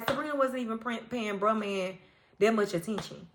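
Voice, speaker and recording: A woman, recapping a TV episode to viewers in a casual, animated way, acting out characters' lines and laughing often. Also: on the high side, moderate pace, slight background noise. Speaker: TV recap host.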